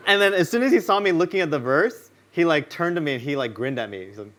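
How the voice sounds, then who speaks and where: A man preaching a sermon in a relaxed, conversational way, telling personal stories and acting out what people said in them. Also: a little high, fast talker, hardly any pauses, slight background noise. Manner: casual, conversational storytelling; acts out quoted lines in his stories. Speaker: pastor. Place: church.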